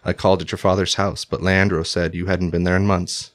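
A man's voice: low-pitched, little pitch movement, a little fast, lightly acted. A man doing a stern aging manservant. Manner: curt, commanding. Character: aging, steely male Italian retainer, stern.

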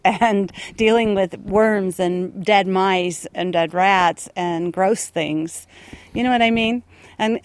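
A woman who runs a wild bird rescue, answering interview questions in a chatty way, laughing often and correcting herself. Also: mid-range voice.

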